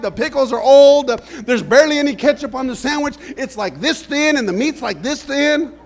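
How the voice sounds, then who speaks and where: A middle-aged man preaching a sermon, telling stories and asking the congregation "amen?". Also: very high-pitched. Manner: storytelling, frequent "amen?" to the congregation. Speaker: pastor.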